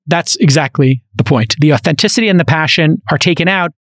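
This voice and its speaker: A man's voice: a little high, fairly quick, no room sound. Chatty Brooklyn man, dry studio mic. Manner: animated, talkative, many fillers and restarts. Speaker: podcast host. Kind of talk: casual interview chat. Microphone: studio microphone.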